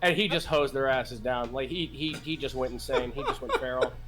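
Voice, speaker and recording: A man in his thirties telling a story in casual chat, animated and swearing, laughing often. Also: medium pitch, a little fast, soft background music. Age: 30s. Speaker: game master and streamer. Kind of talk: casual chat between players.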